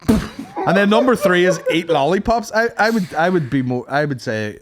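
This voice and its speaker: A young man chatting on a podcast, blunt and sweary, quick to laugh. His pitch jumps around a lot, and the sound is close and dry. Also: lively intonation, dry recording. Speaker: podcast co-host. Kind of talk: casual banter.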